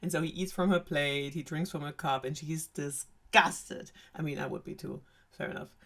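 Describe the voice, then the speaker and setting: A woman's voice: deep voice, normal speed, fairly bright tone. A young woman from Germany, casually retelling a fairy tale with sarcasm, swearing and frequent laughs. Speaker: storyteller host.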